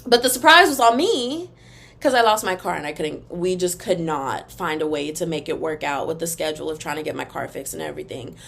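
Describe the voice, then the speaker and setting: A young woman hosting a casual solo podcast, ranting in an animated, emphatic, rambling way, and now and then breaking into a taunting sing-song chant. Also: low voice, quick pace, creaky, few pauses. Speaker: podcast host.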